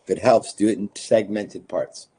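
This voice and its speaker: A man guiding a breathing practice, calmly counting breaths and giving short instructions. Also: lowish voice, moderate pace, breathy edge. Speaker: breathwork guide.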